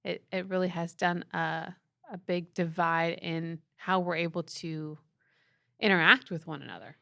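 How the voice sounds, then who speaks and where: A woman's voice: lowish voice, steady tone, measured pace, vocal fry, bright, forceful tone, dry recording, clean studio sound. A middle-aged woman co-hosting a faith podcast, speaking earnestly and thoughtfully in casual talk. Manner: earnest, thoughtful, with frequent filler restarts. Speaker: podcast co-host.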